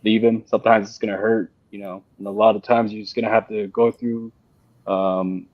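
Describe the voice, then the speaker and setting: A man talking on a panel in a casual discussion, halting and repeating himself with many fillers. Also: lowish voice, level tone, dry recording. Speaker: panel guest. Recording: dull dry lo-fi sound.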